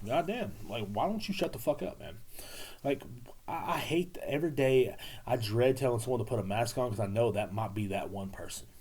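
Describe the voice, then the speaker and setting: A young man rambles through a solo podcast, swearing freely and leaning on sarcasm. His voice is warm and mellow, at an ordinary middle pitch, and he keeps circling back with "man" and "you know" between loose thoughts. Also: slight background noise. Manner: profane, rambling, sarcastic, with frequent fillers. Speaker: podcast host.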